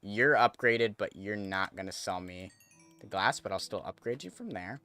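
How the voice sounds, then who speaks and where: A man's voice: on the low side, animated, moderate pace, pushed and bright, soft background music. A man streaming a game, chatting casually to viewers as he thinks aloud and corrects himself. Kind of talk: casual gameplay commentary.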